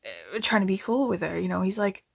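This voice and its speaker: A woman book vlogger retelling history in a loose, chatty way, full of fillers and self-deprecating asides, sometimes dropping into hushed whispers. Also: medium pitch, big pitch swings, fairly quick, vocal fry, breathy edge.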